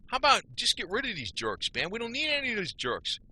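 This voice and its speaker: A man's voice: sits high, huge pitch swings, fast, pushed and bright, husky. A man ranting on his own video channel, blunt and angry, repeating himself with casual slang. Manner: casual slang, frequent "man" and "you know". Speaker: YouTube video maker. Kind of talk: ranting monologue.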